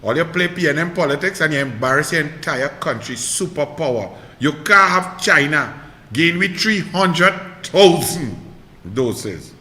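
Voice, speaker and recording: Loud mocking Trinidadian man in echoey room. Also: expressive, unhurried. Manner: loud, mocking, swings between shouting and low muttering. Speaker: online commentator. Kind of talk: animated political rant.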